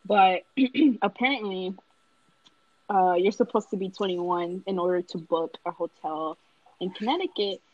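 A woman's voice: medium pitch, measured pace, long pauses, no echo, lo-fi sound. A nineteen-year-old woman, a college student, telling a story in casual chat with friends and acting out the people in it. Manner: animated, acts out the other voices in her story.

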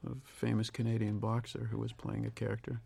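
A man, a film director, giving a reflective audio commentary, thinking aloud with pauses and restarts. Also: fairly low pitch, completely flat delivery, gravelly, mellow, breathy edge.

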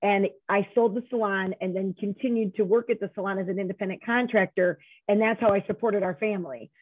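A woman's voice: mid-range voice, fairly even intonation, fairly quick, dry recording. A middle-aged woman, a nonprofit founder, telling her story emphatically as a guest in an interview. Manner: emphatic, storytelling, frequent restarts. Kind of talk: interview conversation. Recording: tinny dry phone line.

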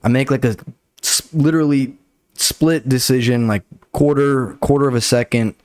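A man's voice: medium pitch, fairly even intonation, normal speed, darkish tone, no room sound, clean studio sound. A male comedian and podcast host telling loose, profane stories in a casual ramble.

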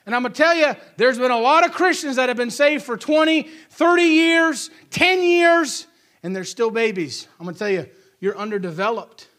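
A male preacher with a very high, bright voice. He preaches in an emphatic, conversational style and drives his points home by repeating short phrases. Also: normal speed. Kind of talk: sermon.

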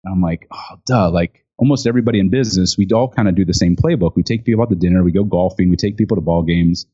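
A low-pitched man tells a story in an interview, animated and chatty. He acts out what other people said, with plenty of fillers and restarts. The recording sounds dull and lo-fi. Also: fast. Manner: animated storyteller acting out quotes with many fillers. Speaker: guest, speaker and author on gifting.

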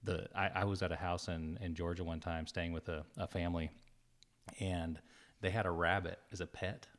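A man's voice: low-pitched, level tone, moderate pace, a bit bright. A man co-hosting a podcast, rambling through a story in casual chat and laughing often. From New Mexico. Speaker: podcast co-host.

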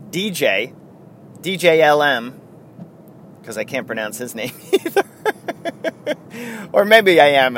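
A man hosts a casual sports podcast, thinking out loud and correcting himself as he goes. His pitch swings about freely and with energy. A faint hum of background noise sits under his voice. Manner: rambling, self-correcting, chatty. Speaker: podcast host.

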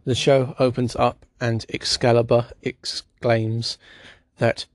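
A man's voice: mid-range voice, level tone, slow pace, no echo. A man giving a casual spoken recap of a wrestling show, with dry, sarcastic asides.

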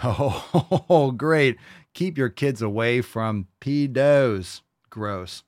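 A man's voice: medium pitch, slow, darkish tone, no room sound, studio quality. A male podcast host doing crude, mocking reaction commentary on video clips.

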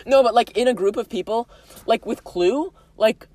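A woman's voice: a little high, a little slow, warm tone, no room sound. A young woman co-hosting a casual podcast with a friend, goofy and jokey, full of fillers and pop-culture references. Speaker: podcast co-host. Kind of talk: casual chat between friends.

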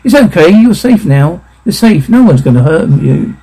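A man playing a soft-spoken survivor cult leader. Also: high voice, very animated, moderate pace, vocal fry, breathy edge, heavily acted, rough recording. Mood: soothing. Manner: soft, coaxing and courteous. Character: calm, smooth-talking male leader of a survivor family.

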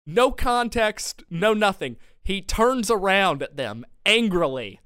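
A young man co-hosting a casual podcast, telling a rambling story with lots of laughs. His voice sits a little high and sounds smooth and clean. The close mic gives a dry, tight sound. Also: slow, no echo. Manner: animated storyteller, often laughing. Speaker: podcast co-host. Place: home studio.

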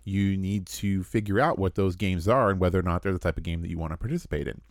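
An easygoing man with a very low voice co-hosts a podcast, laughing at his own jokes as he talks. His voice sits close and dry on the microphone. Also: fast, dry recording. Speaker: podcast co-host. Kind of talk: casual chat.

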